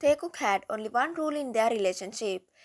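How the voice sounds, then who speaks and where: A woman reading a fan fiction romance story aloud in a steady, plain narrating manner. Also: a little high, a little fast, no room sound.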